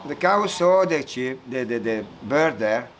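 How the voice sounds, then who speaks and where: Man leading a spiritual talk; slow, halting story told with lively ups and downs, stops to search for words. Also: medium pitch, low-quality recording. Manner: halting, searching for words, many fillers and repeats; chuckles while telling the story. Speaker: spiritual teacher speaking at a retreat. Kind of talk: sermon with a folk story.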